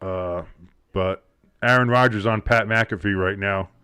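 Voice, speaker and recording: A man with a New Jersey accent co-hosting a live sports show, talking in a rambling, excitable way with many restarts. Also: on the low side, unhurried, clear, resonant tone. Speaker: sports podcast co-host. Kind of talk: casual live draft chat.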